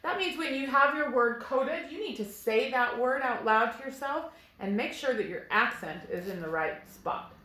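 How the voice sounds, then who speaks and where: A woman teaching a phonics lesson to first graders at a whiteboard, explaining slowly and clearly with patience. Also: a little high, expressive, pushed and bright, echoey room, rough recording. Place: classroom with a whiteboard.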